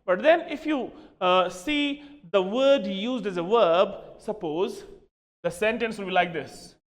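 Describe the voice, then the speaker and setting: A man's voice: sits high, a little slow. Man teaching English, echoing room. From Kashmir. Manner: spells words out letter by letter, addresses "my dear friends". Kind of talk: spoken English lesson.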